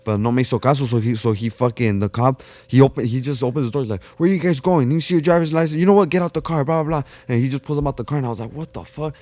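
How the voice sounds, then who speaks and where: A young man rattles through a story at a quick clip, his talk packed with slang, swearing and "fool." He starts lines over as he goes, and the sound is close and dry, with no room in it. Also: medium pitch, dark tone, no echo. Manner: slangy, profane, repeats "fool" and restarts. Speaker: podcast guest. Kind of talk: casual storytelling.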